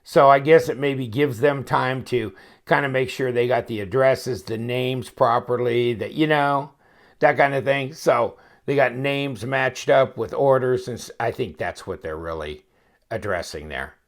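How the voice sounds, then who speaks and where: A man's voice: mid-range voice, a little slow. A man reviewing a knife in a casual unboxing chat, rambling and thinking aloud with wry, joking asides. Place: home, at his inspection table.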